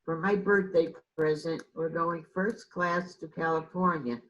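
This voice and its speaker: A woman's voice: low-pitched, steady tone, a little slow, fairly bright tone, highs cut off. A woman co-hosting a local public access talk show, earnest and opinionated in casual chat. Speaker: co-host.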